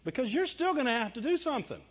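A pastor with a very high, sing-song voice preaches quickly in a conversational style, his tone a bit bright. He asks rhetorical questions and answers them himself, captured in a dull lo-fi recording.

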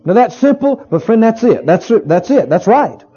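A man's voice: sits high, big pitch swings, normal speed, mellow, slightly rough. A male pastor preaching a sermon in a folksy, emphatic way, often repeating his phrases for weight. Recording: dull lo-fi recording.

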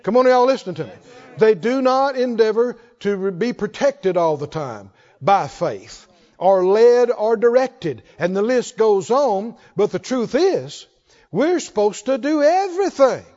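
A man's voice: sits high, big pitch swings, a little slow, darkish tone. A man preaching a sermon, repeating key phrases and calling on the congregation to say them with him. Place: church hall. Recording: dull echoey church recording.

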